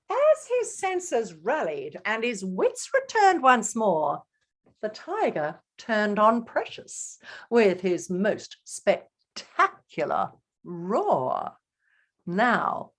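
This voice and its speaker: A woman's voice: fairly high pitch, big pitch swings, takes it slowly. A woman author reading her picture book aloud to children, theatrical and addressing the young listeners directly.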